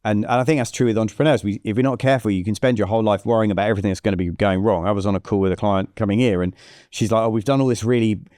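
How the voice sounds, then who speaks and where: A lively business coach, appearing as a podcast guest, tells stories in a conversational interview, acting out quoted dialogue and restarting often. His voice is fairly low and racing, recorded cleanly in a studio with no echo.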